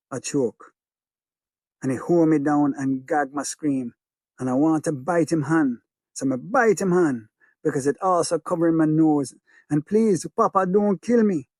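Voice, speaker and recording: A man with a Jamaican accent narrating a first-person story in a rhythmic, hushed patois. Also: fairly high pitch, no room sound. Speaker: audiobook narrator. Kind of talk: first-person audiobook narration of a child's memory.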